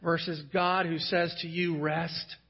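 Man, pastor, sermon, earnest, impassioned emphasis, husky tone, muffled lo-fi audio. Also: a little high, normal speed. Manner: earnest, rising to impassioned emphasis when quoting scripture.

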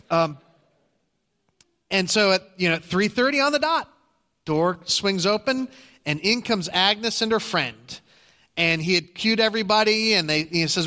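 A man's voice: sits high, pushed and bright. A middle-aged male pastor telling a story in a sermon, casual and full of restarts. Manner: conversational, hesitant restarts. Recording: long hall reverb.

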